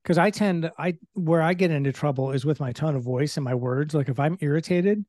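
A man's voice: fairly high pitch, fairly quick, a little mellow, no room sound, studio quality. A middle-aged man, a leadership trainer, explaining in casual conversation with everyday examples and candor about his own temper.

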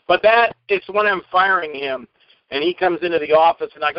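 A man telling anecdotes from film shoots in an interview, acting out the people he quotes with lively, changing voices. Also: fairly high pitch, brisk, no echo, muffled recording. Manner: animated, acts out quoted lines in varied voices. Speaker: actor and interview guest.

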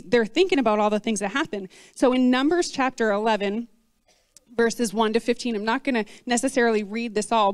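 A woman's voice: a little high, darkish tone, dry recording. A woman pastor giving a conversational sermon, often acting out the voices of complaining people. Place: church.

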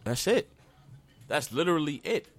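A man's voice: a little high, very animated, normal speed, faint music behind. A young man hosting a casual solo podcast, talking bluntly in loose slang and restarting his sentences often. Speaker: podcast host.

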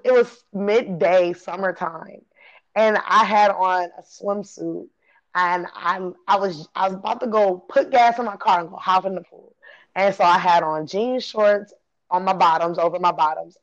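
A woman in her thirties from Illinois tells a story in a lively, loose way. She laughs often, swears freely and slips into the voices of the people in it. Her voice has a middle pitch, and the recording sounds dull and lo-fi. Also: moderate pace. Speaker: guest telling her story. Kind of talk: casual storytelling.

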